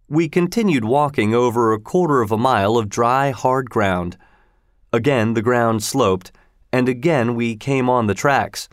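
A man narrating a story as a plain, even audiobook reading. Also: mid-range voice, a little slow, no room sound, studio quality.

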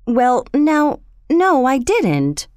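A woman voicing a shy, gentle older farmer man in a storybook reading, hesitant and kindly. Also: medium pitch, expressive, normal speed, no echo, studio quality, close to an everyday voice. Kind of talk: storybook character voice.

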